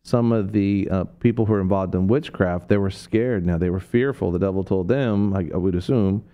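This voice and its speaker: A man hosting a Christian radio talk, telling stories in a rambling way with many fillers and restarts, and acting out quoted people in a sudden high voice. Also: fairly quick, smooth, muffled recording. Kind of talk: preaching talk on a radio show.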